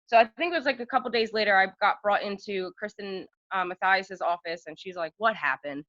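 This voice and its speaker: A woman's voice: medium pitch, fairly quick, a bit bright, dry recording, dull audio. A woman in her thirties, a podcast guest chatting and telling long stories with fillers and laughs. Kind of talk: casual storytelling chat.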